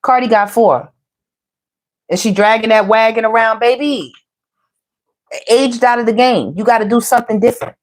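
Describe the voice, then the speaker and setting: A woman giving a casual tarot reading, sassy and animated, full of slang and calling the viewers "baby" and "y'all". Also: on the high side, normal speed, pauses often. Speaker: tarot reader.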